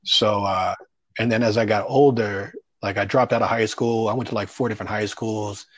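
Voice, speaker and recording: A man's voice: fairly low pitch, steady tone, normal speed, no room sound. A man who does stand-up comedy, telling stories about his start in a loose, rambling way, full of fillers and casual swearing. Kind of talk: casual storytelling interview.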